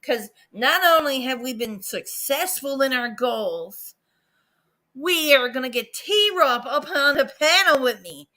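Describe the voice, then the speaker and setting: A woman with a high, bright voice chatting on her livestream. She talks slowly and unhurriedly, but gets excitable, bursting into loud exclamations and then dropping to a mutter. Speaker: livestream host. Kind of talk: casual livestream chat.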